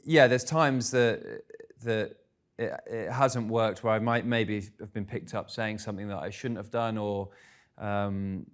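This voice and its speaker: A man's voice: on the low side, fairly even intonation, a little slow. A man, speaking candidly on stage at a live event and telling self-deprecating stories. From England. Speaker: guest speaker.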